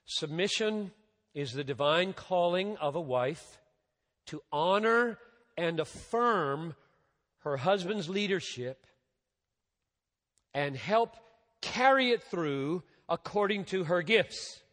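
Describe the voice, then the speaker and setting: Slow deliberate guy preaching, voice swells then goes quiet, long echo of a big church hall. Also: sits high, lively intonation. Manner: emphatic rises and drops in loudness, slow deliberate delivery. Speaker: pastor. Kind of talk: sermon. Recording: long reverb of a large hall.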